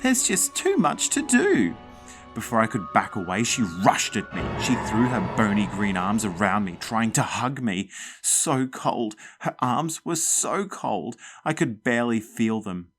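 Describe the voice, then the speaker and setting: A man's voice: fairly low pitch, measured pace, fairly bright tone, faint music behind. A man narrating a spooky children's story with dramatic suspense.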